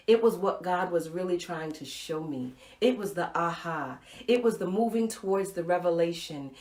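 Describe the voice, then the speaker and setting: A woman hosting a live-streamed inspirational talk, telling a personal story with animated acted-out reactions and dropping to a soft, intimate voice for key points. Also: on the low side, moderate pace, hardly any pauses, reverberant. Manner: animated storytelling, acts out her own reactions. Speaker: host. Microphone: Facebook Live stream, webcam or phone mic.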